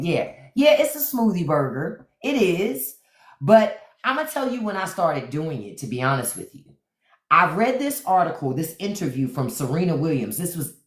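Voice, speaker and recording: A woman hosting a live stream in casual chat, candid and laughing, swearing freely. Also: fairly low pitch. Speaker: livestream host. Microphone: phone during a live stream. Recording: echoey room.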